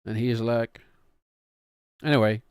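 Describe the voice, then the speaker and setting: A man's voice: medium pitch, steady tone, slow, smooth, dry recording, studio quality. A man in his thirties, a streamer who chats casually in a rambling, wry, self-mocking way. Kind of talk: casual chat.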